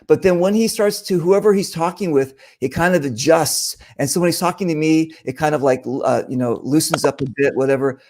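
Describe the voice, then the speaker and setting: A man's voice: on the high side, darkish tone. A man hosting a casual interview, talking loosely with plenty of fillers. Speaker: host.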